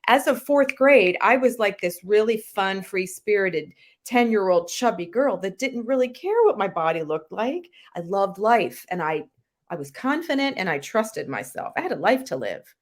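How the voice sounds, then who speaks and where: An animated woman guest on a podcast, talking through her own story. Her voice sits at a middle pitch and leaps up suddenly for emphasis, then drops low and soft. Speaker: guest, health coach and author.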